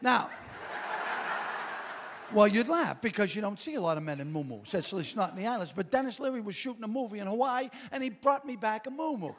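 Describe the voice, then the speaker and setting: A man's voice: high-pitched, lively intonation, a little fast, background noise. A man doing a brash, self-mocking stand-up comedy set on a club stage. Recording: live club recording with crowd.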